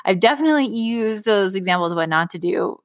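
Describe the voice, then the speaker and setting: A woman co-hosting a parenting podcast talks about her children in easy, chatty conversation, laughing between comments. She's a mother with a medium-pitched, expressive voice and a quick pace. The audio is studio quality with no echo.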